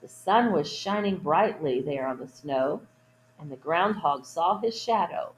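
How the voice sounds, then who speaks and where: Woman storytime reader, picture-book read-aloud, gentle asides to children. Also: low-pitched, animated, a little slow, echoey room, low-quality recording. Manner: gentle asides to young listeners.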